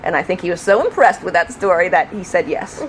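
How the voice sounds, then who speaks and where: A middle-aged woman who was a police officer tells a story in an interview, acting out the shouts. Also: on the low side, fairly quick. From New York State. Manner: lively, acts out the shouts. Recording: faint background noise.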